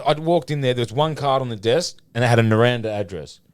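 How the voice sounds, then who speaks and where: An Australian man co-hosting a podcast rambles through a story in casual chat, with lots of swearing and laughter. His medium-pitched voice is smooth and quick, recorded in a clean studio with no echo.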